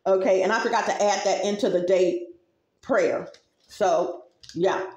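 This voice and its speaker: A woman's voice: medium pitch, unhurried, darkish tone, reverberant. A woman vlogger giving casual spiritual advice, chatty and rambling, talking straight to her viewers.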